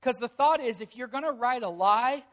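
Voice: medium pitch, expressive, normal speed. Earnest preacher retelling a story. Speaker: pastor. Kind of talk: sermon.

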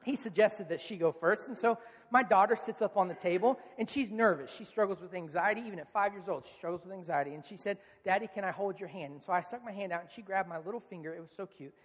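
A male pastor in his thirties preaching a sermon in a relaxed, conversational storytelling manner, acting out quoted lines. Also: sits high, quick pace, in a large hall.

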